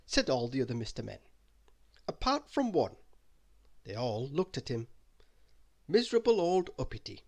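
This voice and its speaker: Man, bedtime story read-aloud, expressive, animated intonation. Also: mid-range voice, normal speed, creaky, pauses often. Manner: lively, expressive reading.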